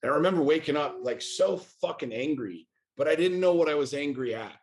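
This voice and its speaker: A man's voice: on the high side, expressive, brisk. A middle-aged man from the United States, a podcast guest speaking candidly and intensely, swearing often and firing off rhetorical questions. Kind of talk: candid interview talk.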